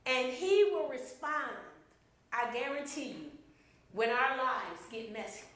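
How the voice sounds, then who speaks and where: A woman preaching a sermon with slow, deliberate phrasing and emphatic pauses. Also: sits high. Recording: very echoey room.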